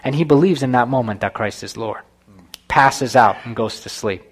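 A man's voice: medium pitch, moderate pace. A man preaching a sermon, retelling a story with rhetorical asides to the congregation.

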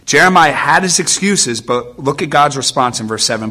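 A man in his thirties shares personal stories in a sermon, his voice sitting somewhat high and ringing bright. He speaks earnestly and casually to a church audience, restarting words and checking in with "right?". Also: lively intonation, normal speed. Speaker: nurse giving a church talk. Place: church gathering with a live audience.

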